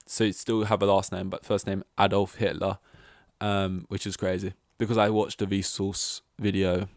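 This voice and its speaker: A man's voice: low-pitched, flat delivery, moderate pace, no room sound, clean studio sound. Young man rambling through a solo podcast. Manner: rambling, full of restarts and tangents. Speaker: podcast host.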